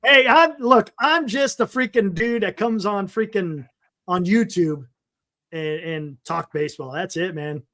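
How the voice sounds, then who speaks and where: Give me an easygoing man co-hosting a chat, with a bright, sharp voice. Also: high voice, a little slow. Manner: laughing, easygoing. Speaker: co-host. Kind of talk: casual chat.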